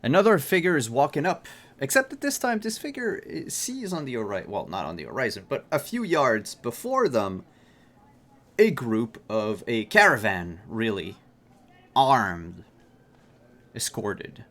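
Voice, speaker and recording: A man narrating a tabletop role-playing game as game master, halting, with frequent fillers and restarts. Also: medium pitch, big pitch swings, a bit bright.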